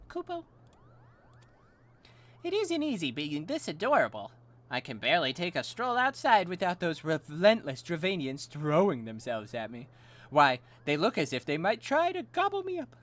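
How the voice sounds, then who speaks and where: A man's voice: high-pitched, wildly swooping pitch, moderate pace, a bit bright, voice pushed up, heavily acted. A man voicing a vain, self-adoring male moogle in a haughty, sing-song manner.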